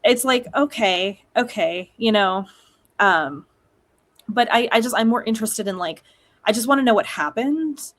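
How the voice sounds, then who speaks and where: A woman's voice: fairly high pitch, animated, normal speed, a bit bright. Chatty woman host, laughing often. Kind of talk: casual chat.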